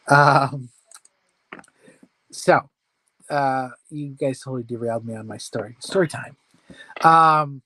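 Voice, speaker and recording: A man's voice: medium pitch, a bit bright, no echo. A man hosting a casual weight-loss support chat from home, talking in a rambling, self-deprecating way with laughs.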